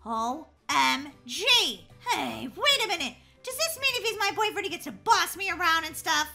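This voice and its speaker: A nervous teenage girl with a crush, voiced by a woman in a role-play video, stammering and giggling. Her voice is very high and bright, swooping up and down a lot. Faint music plays underneath. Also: very animated, normal speed, gravelly, heavily acted. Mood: flustered.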